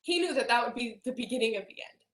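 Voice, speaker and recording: A woman telling a painful personal story in a client intake session, often dropping to a soft near-whisper. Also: on the high side, lively intonation, quick pace. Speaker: hypnosis client. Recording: roomy echo.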